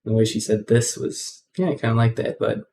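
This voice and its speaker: A man's voice: mid-range voice, steady tone, moderate pace, vocal fry, warm tone, slight background noise. A man hosting a casual coding tutorial, rambling with many ums and self-corrections.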